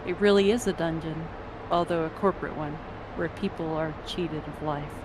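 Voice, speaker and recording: A woman narrating a story in the second person, measured and descriptive. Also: low voice, steady tone, noisy background.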